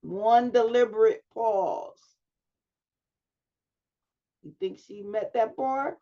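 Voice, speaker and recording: Over dull, lo-fi video call audio, a woman with a slightly high voice teaches a public speaking class at a slow pace. She prompts her students with questions and gives them feedback.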